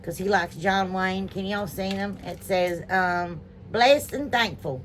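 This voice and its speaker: A woman's voice: medium pitch, takes it slowly, a little hiss or hum. A woman hosting a home DIY channel, chatting casually and gushing to her viewers about gifts, with lots of fillers and an Ohio accent. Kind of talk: casual unboxing chat to viewers.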